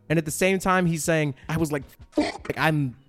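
A man hosting a podcast, telling a casual story in a rambling, animated way, full of fillers and checks like "all right?". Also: a little high. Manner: animated, exaggerated retelling. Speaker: podcast host.

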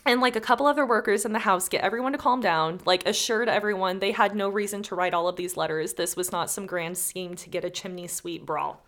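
A woman's voice: medium pitch, fairly quick, hardly any pauses. A woman hosting a podcast, telling a story in casual chat, acting out the people in it and swearing freely. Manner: animated, acts out characters and knocks, swears freely. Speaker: podcast host.

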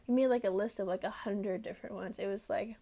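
A young woman with a mid-range, steady, warm voice talks fast while hosting her own podcast solo from her room. She rambles casually, pokes fun at herself, and fills her speech with lots of fillers.

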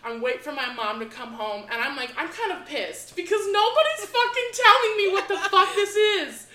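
A young adult woman co-hosting a podcast, telling an embarrassing story in a profane, animated way. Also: very high-pitched, moderate pace, echoey room, poor audio. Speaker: podcast co-host. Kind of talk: casual chat, storytelling.

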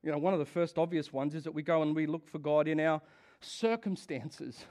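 A pastor preaching a conversational sermon, asking the congregation questions and laughing often. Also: male voice, on the high side, brisk, darkish tone.

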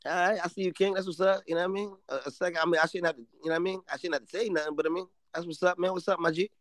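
A man's voice: high-pitched, level tone, very fast, fairly bright tone, no echo. A man co-hosting a live talk show, joking and ranting in profane casual banter. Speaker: podcast co-host.

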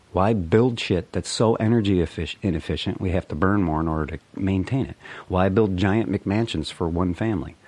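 A man's voice: low voice, a little mellow, husky. A man delivering a profane, rambling, sarcastic political rant. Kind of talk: ranting political monologue.

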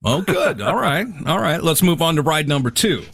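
A man's voice: on the high side, sing-song, vocal fry, fairly bright tone, no echo, studio quality. A man hosting a podcast, joking and prodding a friend for details in casual chat. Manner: joking, quick reactions, prods for details. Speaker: podcast host.

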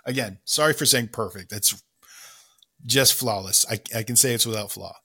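Male podcast co-host, bright voice, enthusiastic film chat with quick acted-out quotes. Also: lowish voice, husky. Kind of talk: casual film analysis chat.

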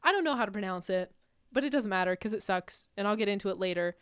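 A woman's voice: medium pitch, expressive, fast talker, fairly bright tone, clear, resonant tone, no room sound, studio quality. A woman in her twenties from the United States, co-hosting a podcast in casual chat, giggling often. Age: 20s. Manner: giggly, laughs often, chatty. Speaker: podcast co-host. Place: podcast studio.

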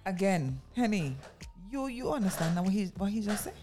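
A woman's voice: mid-range voice, big pitch swings, a little fast, music in the background. A woman co-hosting a casual group chat show who presses the others with repeated questions. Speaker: podcast co-host.

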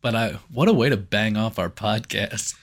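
A man co-hosting a podcast, chatting casually about a movie, animated and swearing now and then. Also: lowish voice, normal speed. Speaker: podcast co-host. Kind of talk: casual movie review chat.

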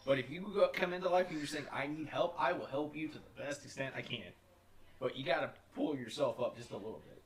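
A man's voice: on the high side, fast talker, soft background music. A young man co-hosting a casual podcast, telling a long story with many restarts and frequent laughter. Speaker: podcast co-host. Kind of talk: casual chat.

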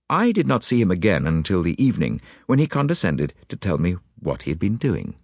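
Deep-voiced man reading a story aloud. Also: huge pitch swings, dry recording, clean studio sound. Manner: measured, storytelling. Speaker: audiobook narrator. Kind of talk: scripted narration.

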